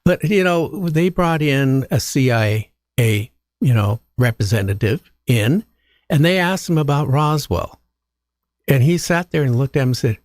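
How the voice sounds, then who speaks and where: A man's voice: medium pitch, expressive, unhurried, a little mellow, no room sound, clean studio sound. A male talk show host chatting casually, rambling with many fillers. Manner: rambling, many fillers like you know and again. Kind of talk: casual chat.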